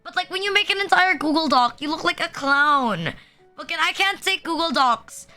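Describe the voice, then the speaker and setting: A woman's voice: very high-pitched, lively intonation, moderate pace, bright, forceful tone. A woman streamer ranting casually to her chat, filling every sentence with "like" and swearing freely. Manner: heavy filler "like", swearing, exasperated ranting. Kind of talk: casual livestream rant. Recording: faint music behind.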